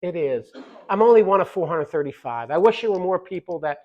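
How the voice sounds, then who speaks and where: Fiery middle-aged man, somewhat high-pitched voice, rally speech, loud punchy repetition with quiet asides. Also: expressive, brisk, lo-fi sound. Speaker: congressman giving a speech.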